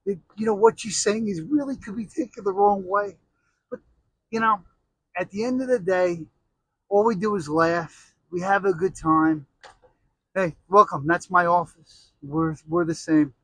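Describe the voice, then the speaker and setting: A man's voice: sits high, unhurried, breathy edge, no echo, low-quality recording. A middle-aged American man telling rambling, jokey stories in a casual monologue, full of restarts and asides. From United States.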